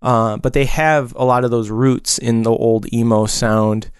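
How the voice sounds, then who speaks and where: A man's voice: medium pitch, fairly even intonation, measured pace, clean tone, no room sound, clean studio sound. A man in his forties chatting casually on a podcast, telling a rambling story with lots of fillers and restarts. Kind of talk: casual chat.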